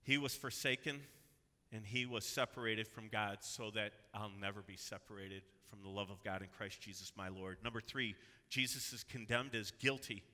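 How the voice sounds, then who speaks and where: A man preaching a sermon with a very bright, forceful tone. He is earnest and builds to loud, emphatic cries. His voice rings with long reverb in a church sanctuary. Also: on the low side, fairly even intonation, moderate pace. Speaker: pastor.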